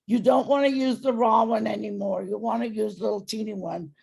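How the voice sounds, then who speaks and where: Gravelly-voiced woman dog trainer coaching. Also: medium pitch, fairly even intonation, a little fast, a little mellow. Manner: patient, directive instructions. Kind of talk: coaching a client through training.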